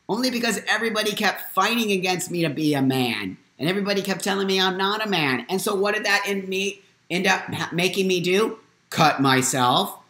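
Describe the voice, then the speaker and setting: A man in his fifties hosting a live stream, talking in an emotional, emphatic way, at times near tears, swinging from loud to hushed. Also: high-pitched, roomy sound. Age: 50s. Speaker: host.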